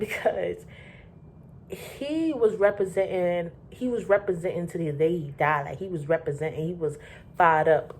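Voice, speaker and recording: A woman from Florida spins a loose, profane storytime, rambling and animated as she goes. Her voice sits on the lower side, with a faint rumble humming underneath. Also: normal speed. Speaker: vlogger telling a work story. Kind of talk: casual storytime.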